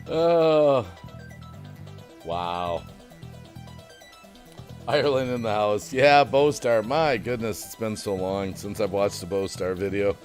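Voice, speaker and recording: A man's voice: on the low side, animated, takes it slowly, long pauses, faint music behind. Chatty man hosting a livestream. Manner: chatty, laughs often, reads chat aloud. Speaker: livestream host. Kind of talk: casual chat reading viewer comments.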